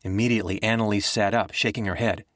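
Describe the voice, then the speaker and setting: A man narrating a thriller audiobook in a steady, measured way. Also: lowish voice, no echo, clean studio sound. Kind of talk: scripted narration.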